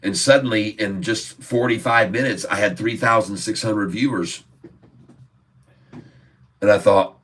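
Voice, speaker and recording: A man's voice: fairly low pitch, measured pace, pauses often, fairly bright tone, recorded from a distance. A man hosting a casual livestream from his phone, jokey and rambling, laughing often. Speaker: livestream host.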